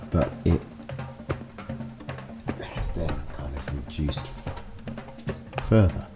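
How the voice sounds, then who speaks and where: A man with an extremely deep, low voice talks through a casual political monologue. He wanders between points with wry, dry asides. Music plays clearly behind him. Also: extremely slow. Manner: musing, digressive, wry asides. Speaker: political commentary host.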